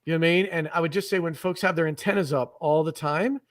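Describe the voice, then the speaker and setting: A man's voice: a little high, steady tone, fast talker, recorded from a distance. A man hosting a podcast, chatting enthusiastically and rambling a little as he restarts his sentences. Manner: enthusiastic, rambling, repeats himself. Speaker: podcast host. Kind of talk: casual interview chat.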